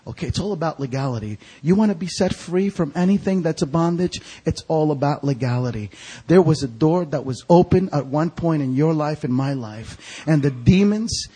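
A man preaching a storytelling sermon as an evangelist, animated and acting out the voices of people in his stories. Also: a little high, normal speed, slightly rough. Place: church sanctuary.

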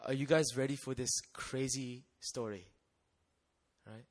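A young man giving a lively testimony talk, telling a mission story with acted-out voices and frequent laughter. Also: mid-range voice, a little slow. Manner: animated storyteller, acts out voices, laughs often. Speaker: missionary speaker.

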